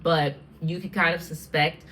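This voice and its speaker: An American woman in her twenties hosting a casual solo podcast chat, animated and rambling, with frequent laughs. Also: deep voice, moderate pace, slight background noise. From United States. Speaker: podcast host.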